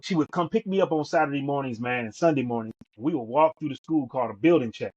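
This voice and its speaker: A man's voice: medium pitch, quick pace, darkish tone, slightly rough. A middle-aged man co-hosting a podcast, telling stories emphatically and repeating words as he goes. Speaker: podcast co-host. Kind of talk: storytelling in conversation. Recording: dull lo-fi sound.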